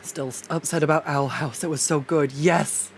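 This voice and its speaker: A woman's voice: low voice, steady tone, normal speed, a little hiss or hum. A woman art streamer chatting casually while she draws, rambling with lots of fillers, restarts and the odd swear, recorded on a desktop USB mic at home. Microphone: desktop USB condenser mic.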